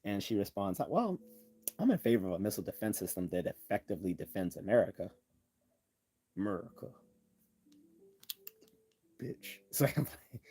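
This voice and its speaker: A man's voice: deep voice, dark tone, breathy edge. A man hosting a casual livestream lecture on logical fallacies, with sardonic asides and frequent ums. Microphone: desktop computer mic.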